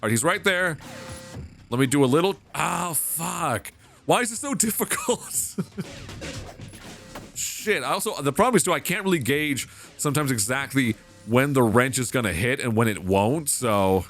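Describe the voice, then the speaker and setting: A man giving casual, excitable gameplay commentary, swearing and laughing as he plays. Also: medium pitch, normal speed, faint music behind. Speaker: let's play host.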